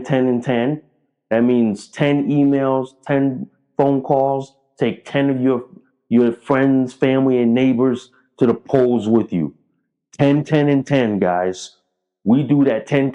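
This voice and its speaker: A man's voice: medium pitch, dark tone, poor audio. A man delivering a political commentary monologue, blunt and profane, repeating himself as he rallies his viewers.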